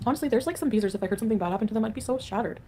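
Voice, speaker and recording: A woman's voice: on the high side, very fast, dark tone. Chatty woman livestreaming with faint background hum. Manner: chatty and rambling, answers the chat aloud. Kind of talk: casual livestream chat, reading viewer comments.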